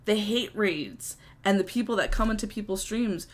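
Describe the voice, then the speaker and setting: Chatty woman co-hosting a podcast. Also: medium pitch. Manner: chatty, casual swearing, quick reactions. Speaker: podcast co-host and streamer. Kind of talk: casual chat.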